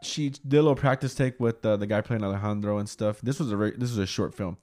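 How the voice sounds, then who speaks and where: A man's voice: lowish voice, quick pace, darkish tone. Chatty young man telling a story. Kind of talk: casual chat, storytelling.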